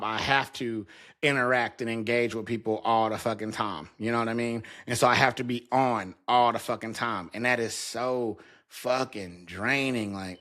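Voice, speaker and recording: A man's voice: medium pitch, sharp tone. Profane man venting alone in a basement. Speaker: podcast host. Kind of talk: casual solo monologue. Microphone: talking to a camera.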